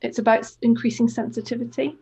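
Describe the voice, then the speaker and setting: A woman's voice: a little high, fairly even intonation, fast, creaky, dark tone, breathy edge, lo-fi sound. A woman co-hosting a coaching podcast, talking in a casual, enthusiastic, rambling way with many "like" fillers. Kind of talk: casual reflective conversation.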